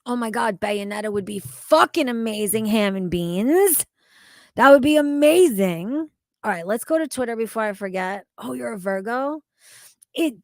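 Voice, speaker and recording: A woman's voice: mid-range voice, dry recording. A woman streaming casually, talking to her chat, swearing freely and laughing often. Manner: loud, profane, laughing often.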